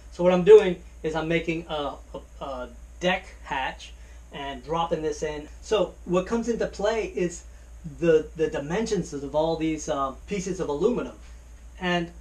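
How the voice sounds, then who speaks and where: Halting DIY man, slightly high voice. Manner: hesitant, many "uh" fillers and restarts. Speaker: DIY boat builder. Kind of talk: casual workshop walkthrough.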